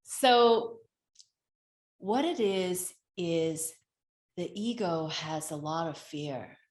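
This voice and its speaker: Slow, earnest woman in a roomy space. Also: on the low side. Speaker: guest speaker. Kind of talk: reflective self-help talk. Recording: roomy echo.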